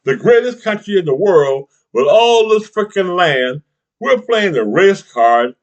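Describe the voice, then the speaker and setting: A man's voice: sits high, sing-song, unhurried, lo-fi sound. A middle-aged man giving a blunt, profane political rant, chuckling often and tossing in "huh?" and "you know what I'm saying?". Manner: chuckles between heated points. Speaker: political commentator. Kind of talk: ranting political monologue.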